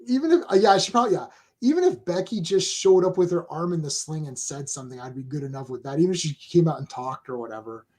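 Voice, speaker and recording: A man co-hosting a casual chat show, talking excitedly with many restarts and reading viewer comments aloud. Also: a little high, fast. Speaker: co-host.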